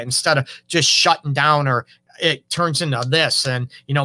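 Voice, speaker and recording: A man's voice: medium pitch, moderate pace, sharp tone, dry recording. A man giving a casual monologue about relationships, conversational, often acting out quoted partners.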